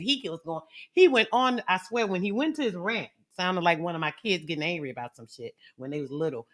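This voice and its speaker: A woman casually retelling an online argument, talking in an animated, slangy way that keeps jumping up and down in loudness. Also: on the low side, a little fast, hardly any pauses. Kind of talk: casual storytelling vlog.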